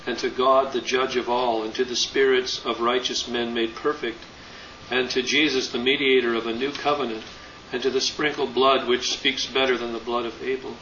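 Male student, monotone scripture reading, bright tone, roomy far mic. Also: mid-range voice, normal speed, slight background noise. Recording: muffled, roomy, distant classroom recording.

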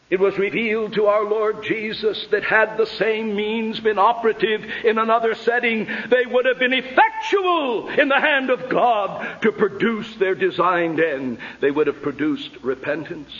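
A man delivers a sermon with great passion, sinking to near-whispers and then climbing to loud, ringing peaks. His voice sits a little high for a man. The recording is dull and muffled, like an old sermon tape. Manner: impassioned, swings from hushed to ringing. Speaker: preacher.

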